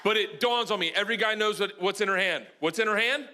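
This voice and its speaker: A middle-aged man doing a stand-up comedy set on a club stage, telling a rowdy story loudly and acting out other people in high voices. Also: fast. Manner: loud, rowdy storytelling, acts out his daughters in high voices. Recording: live club recording with room noise.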